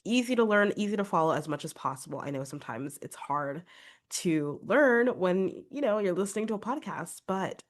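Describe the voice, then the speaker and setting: A woman's voice: fairly low pitch, animated, moderate pace. A young woman hosting her singing podcast, chatty and upbeat, a little congested from a cold. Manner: chatty, upbeat, many filler "like"s. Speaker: podcast host and vocal coach. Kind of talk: casual solo podcast talk.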